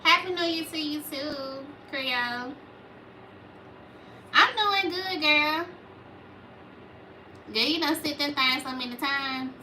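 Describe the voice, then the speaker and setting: Young Memphis woman, Southern accent, small, very bright and ringing voice, casual livestream chatter heard a little off-mic in an echoey room. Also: high-pitched, steady tone, normal speed, few pauses, recorded from a distance, slight background noise. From Memphis, Tennessee. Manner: chatty, reads out viewer comments. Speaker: livestream host. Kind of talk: casual livestream chat with viewers.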